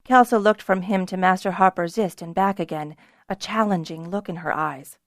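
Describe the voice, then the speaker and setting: A woman narrates a fantasy audiobook in a measured, scripted reading. Her voice sits a little low, and the recording is dry and close with no room sound. She lifts her voice when she speaks the characters' lines. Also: dry recording. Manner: voices characters with rises in pitch and volume.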